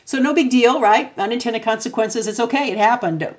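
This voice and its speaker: A woman's voice: a little high, brisk. A woman hosting a podcast, talking casually and chattily about parenting, an extrovert who often laughs. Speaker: podcast host.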